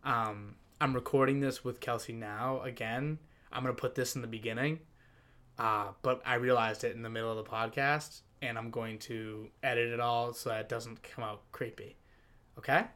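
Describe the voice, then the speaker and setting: A man's voice: mid-range voice, steady tone, normal speed, sharp tone. Young male podcast host, chipper and playful, casual banter. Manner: upbeat, jokey, playful teasing. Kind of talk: casual chat.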